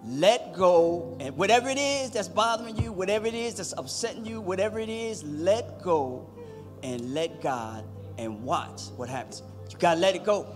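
A man's voice: sits high, moderate pace. A man urging a congregation to let go and trust God, repeating his phrases emphatically. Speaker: deacon leading devotion. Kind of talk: prayer exhortation. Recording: reverberant hall. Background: music.

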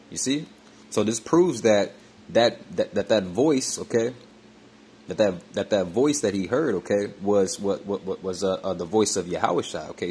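A man teaching from scripture in a repetitive, halting way, tagging nearly every phrase with "man," "all right," "okay" or "you see," with many fillers and restarts. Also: lowish voice, a little mellow, a little hiss or hum. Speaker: religious teacher.

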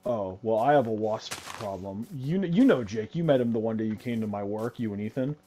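A man's voice: fairly low pitch, expressive, a little fast, a crowd in the background. A young man casually chatting while playing a game with a friend, rambling, repeating words and swearing lightly. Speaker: gamer co-player. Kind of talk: casual gaming chat.

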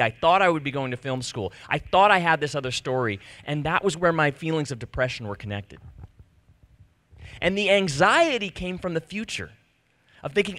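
A man in his thirties shares his own story with an audience in a lively, swinging voice that rises and falls widely. He is self-deprecating and acts out the voices of the people in his story. The sound is dry and close, with almost no room echo. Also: on the high side. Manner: animated, self-deprecating, acts out quoted exchanges. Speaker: speaker giving a personal talk. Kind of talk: personal storytelling talk to a live audience. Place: stage before an audience.

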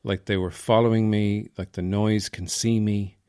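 Low-voiced Irish man rambling wryly. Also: level tone, normal speed, warm tone, smooth, dry recording, studio quality. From Ireland, Offaly. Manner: rambling, wry, self-mocking. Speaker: podcast host. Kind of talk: casual comic monologue.

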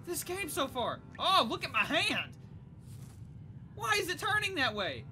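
Excitable high-voiced woman gamer. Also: unhurried, faint music behind. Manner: excitable, chatty, reacts out loud. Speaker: gaming YouTuber. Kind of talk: let's play commentary.

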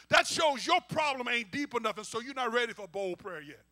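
A male pastor preaching a call-and-response sermon, swinging from quiet asides to shouting and talking to the congregation informally. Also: extremely high pitch, fairly quick, gravelly, few pauses. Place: church.

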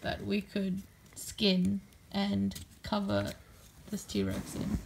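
A woman's voice: mid-range voice, very animated, drawn-out words, creaky, background noise. A woman joking around in a casual home chat as a vlogger. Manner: playful and joking.

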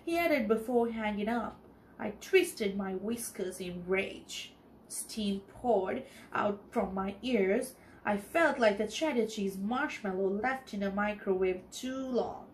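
Teacher lady from the maldives reading a storybook out loud, slow and really animated. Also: mid-range voice, slight background noise. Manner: expressive, explains as she reads. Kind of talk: reading a storybook aloud on an educational TV lesson.

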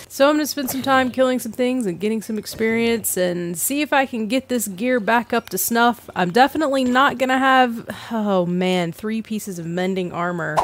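A woman's voice: medium pitch, moderate pace, few pauses, slight background noise. A woman hosting a gaming let's play, chatting casually and self-deprecatingly as she plays, laughing often. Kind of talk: casual gameplay commentary.

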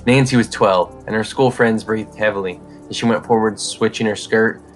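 A man narrating a short story in a measured reading voice. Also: lowish voice, fairly even intonation, faint music behind.

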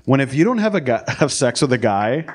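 A man doing a crude, brash stand-up comedy set on a club stage, shouting out the voices he acts out. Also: medium pitch, very animated, brisk, very noisy. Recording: live club recording, crowd laughter.

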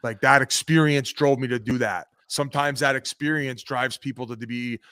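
Casting: man, 30s, podcast guest, loose swearing storyteller, mid pitch, dry close sound. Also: fairly even intonation, moderate pace, fairly bright tone, clean tone, dry recording. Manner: rambling, swears a lot, laughs while telling stories. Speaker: podcast guest, former hockey player. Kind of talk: casual storytelling, profane.

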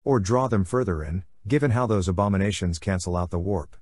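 A pessimistic male officer speaks curtly and bluntly, voiced by a man reading a story. His voice sits low and plain. The sound is dry and close. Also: fairly quick, darkish tone, dry recording. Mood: grim. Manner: blunt and curt.

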